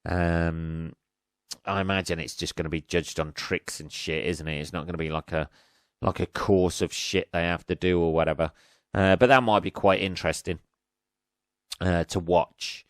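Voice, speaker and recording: A man's voice: sits low, steady tone, moderate pace, dry recording, clean studio sound. A man hosting a solo podcast, ranting casually with lots of swearing and sarcasm, laughing at his own jokes. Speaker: podcast host.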